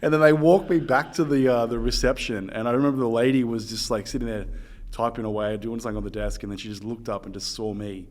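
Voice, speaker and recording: An Australian man hosts a casual podcast chat, swapping funny stories. He talks easily and laughs often, in an ordinary mid-pitched male voice. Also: steady tone, quick pace. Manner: laughing storyteller, chatty. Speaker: podcast host.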